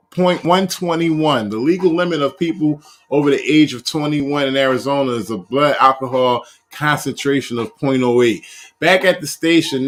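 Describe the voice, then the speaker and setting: A man's voice: mid-range voice, a bit bright. A man hosting a live review of police videos, reading a news story aloud and adding blunt, profane jokes. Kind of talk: casual live video commentary.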